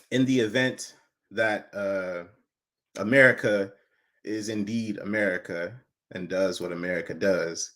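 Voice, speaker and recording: A man performing a spoken word poem, building from low and hushed to loud, chanting intensity. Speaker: poet.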